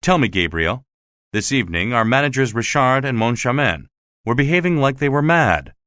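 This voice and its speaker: A man's voice: medium pitch, big pitch swings, normal speed, a bit bright, no echo, studio quality. A man voicing an insistent, suspicious male theater official who keeps pressing questions, in a storybook reading. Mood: demanding.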